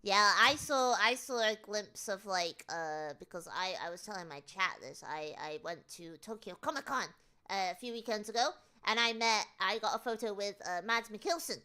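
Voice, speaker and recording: A young woman hosting a casual streamed chat, excitable and giggly. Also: medium pitch, moderate pace, clean tone. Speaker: VTuber streamer host.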